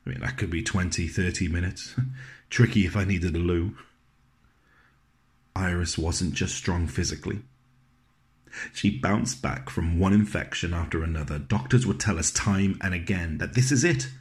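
A man performing a scripted dramatic monologue, telling his story in a gentle, wry way with low, soft passages. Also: normal speed.

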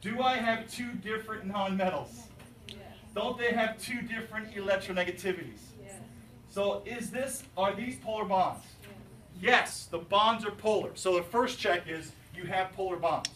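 Animated high-voiced male chemistry teacher. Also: moderate pace, a little hiss or hum. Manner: animated, jokey, asks students questions. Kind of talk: classroom lecture. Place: classroom. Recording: roomy, distant classroom recording.

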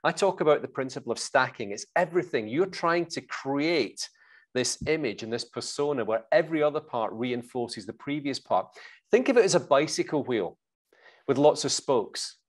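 A man, a guest coach giving sales advice in an interview, confident and energetic, explaining through examples. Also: mid-range voice, normal speed.

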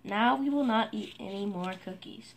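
A woman's voice: medium pitch, moderate pace, gravelly, close to an everyday voice. A woman reading the lines of a sensible frog from a children's storybook, in a firm, patient tone. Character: sensible male frog trying for willpower.

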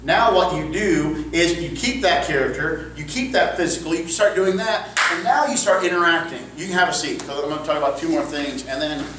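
Guy coaching improv, talks kinda high, super echoey room far from the mic. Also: background noise. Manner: upbeat, quick asides, frequent "cool" and "okay". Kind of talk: workshop teaching.

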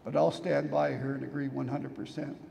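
An older pastor preaches in a hoarse, deeply gravelly voice with a mellow, dark tone. He tells his stories earnestly, a man worn from preaching. The sound carries a long hall reverb over a faint hiss. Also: flat delivery, brisk, highs cut off. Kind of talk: sermon.

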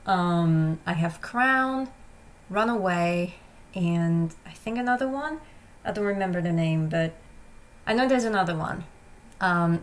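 A woman's voice: on the low side, rough recording. A woman hosting a reaction video, talking casually with hesitant ums and gushing, emotional remarks.

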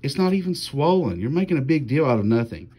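A man doing a calm, sensible young girl. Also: medium pitch, quick pace, breathy edge, voice pushed up. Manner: calm, reasoning tone. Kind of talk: storybook reading aloud.

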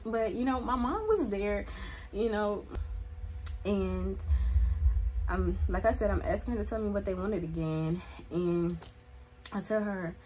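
A woman's voice: mid-range voice, measured pace, long pauses, darkish tone. A young woman in a storytime vlog, retelling events in a chatty, dramatic way with many "like" fillers. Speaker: vlogger.

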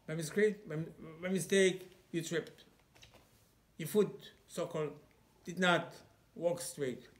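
A male rabbi preaches emphatically. He asks rhetorical questions and talks in broken English. His voice sits a little higher than most men's. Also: takes it slowly. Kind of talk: sermon.

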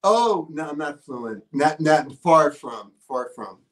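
A man speaks as a guest on a casual interview stream, modest and thoughtful. He answers the host's questions in a relaxed, conversational way. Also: a little high, takes it slowly. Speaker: guest musician.

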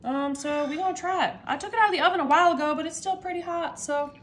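A woman's voice: extremely high pitch, fast. A woman chatting casually to viewers as she cooks in her home kitchen, calling them y'all. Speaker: cooking vlogger. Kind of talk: casual cooking vlog.

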